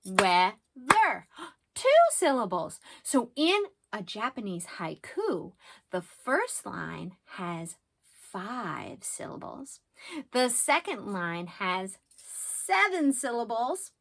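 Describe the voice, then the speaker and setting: A woman in her thirties teaching young children and reading a picture book aloud, sing-song and animated, with quiet asides. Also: mid-range voice, slow, creaky.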